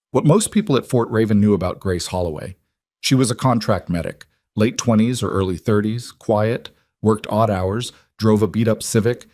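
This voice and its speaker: Male storyteller, low voice, dry close sound, measured dramatic reading. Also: darkish tone, no echo. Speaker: narrator. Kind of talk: scripted story narration.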